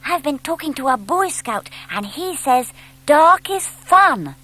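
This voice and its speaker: A woman doing a baby owl, Plop, high and pleading. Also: sing-song, slow, sharp tone, heavily acted, rough recording. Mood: eager. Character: small eager baby barn owl boy.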